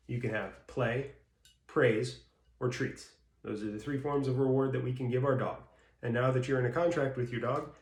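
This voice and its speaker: A man's voice: medium pitch, darkish tone. A man explaining dog training step by step in a plain instructional way. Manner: plain explanatory, acts out baby-talk praise in bursts. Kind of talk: instructional talk. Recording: roomy echo.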